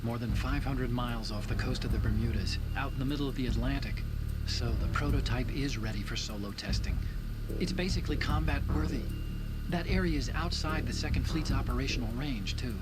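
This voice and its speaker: A man's voice: mid-range voice, fairly quick, natural voice. A man voicing a nerdy, analytical tech ally. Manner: briefs in an explanatory, analytical tone. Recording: game audio with music behind.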